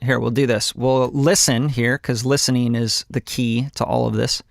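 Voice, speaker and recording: A man's voice: medium pitch, flat delivery, moderate pace, creaky, slight background noise. A man teaching music production on a casual live stream, loose and chatty with lots of fillers, humming drum rhythms and swearing offhandedly.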